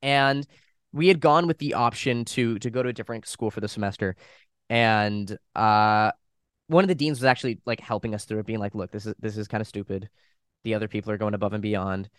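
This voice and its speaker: A young man, a podcast guest, casually telling a story at a fast, animated pace and quoting other people as he goes. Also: fairly low pitch, clean tone, no room sound, clean studio sound. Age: young adult. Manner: fast, animated retelling with quoted voices and swearing.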